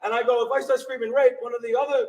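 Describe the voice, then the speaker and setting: A man's voice: very high voice, level tone, racing, darkish tone, far from the mic. A middle-aged man animatedly telling a ghost story to a small live audience, laughing and acting out the voices. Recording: roomy sound from off-mic.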